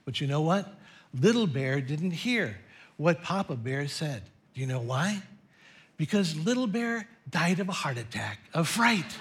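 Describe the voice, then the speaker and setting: A man's voice: a little high, sing-song, measured pace, a bit bright. A middle-aged man preaching a sermon as pastor, telling a story in a playful way.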